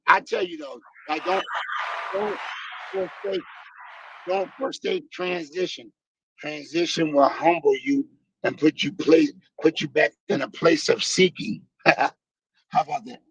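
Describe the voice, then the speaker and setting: A man's voice: a little high, big pitch swings, measured pace, vocal fry, pauses often, husky. A man co-hosting a casual morning show by video call, talking in a reflective, folksy way. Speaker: co-host. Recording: dull lo-fi call audio.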